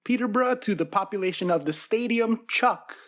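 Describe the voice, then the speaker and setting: A man's voice: sits high, expressive, brisk, a bit bright. A man co-hosting a podcast, playfully running a quiz game and joking around in casual chat. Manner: playful, jokey, laughs a lot. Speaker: podcast co-host, quiz master.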